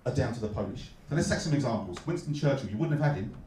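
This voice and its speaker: A man from London with a Cockney accent, performing a stand-up comedy set with a deadpan, mock-glum delivery and punchlines he pushes up loud. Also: medium pitch, fast talker, distant mic, slight background noise. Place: comedy club stage. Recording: echoey club, heard from afar. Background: audience laughter.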